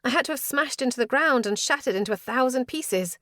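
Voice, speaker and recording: A woman's voice: sits high, expressive, fairly quick, fairly bright tone, no room sound, studio quality. A woman reading a first-person fantasy audiobook with a tense, dramatic delivery. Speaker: audiobook narrator.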